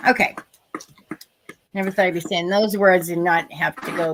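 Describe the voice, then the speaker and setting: A woman's voice: fairly low pitch, steady tone, normal speed, background noise. A woman with a Boston accent, a medium giving readings on a live stream, chatty and joking, short on sleep. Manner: chatty, jokey, guiding meditation. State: sleep-deprived, extra energy. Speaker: psychic medium.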